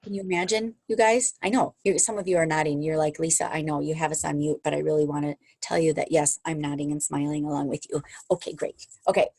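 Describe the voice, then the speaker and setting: Upbeat middle-aged woman, low voice, dry video-call sound, pep-talking her sales team. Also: fairly even intonation, quick pace, creaky, darkish tone, no echo. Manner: upbeat, encouraging, chatty with asides.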